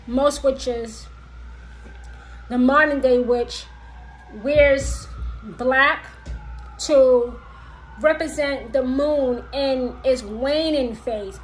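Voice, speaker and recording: A woman's voice: high-pitched, low-quality recording. A woman vlogger teaching witchcraft lore in a casual, emphatic way, repeating her points to viewers. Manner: repetitive, slow and emphatic, talks directly to viewers.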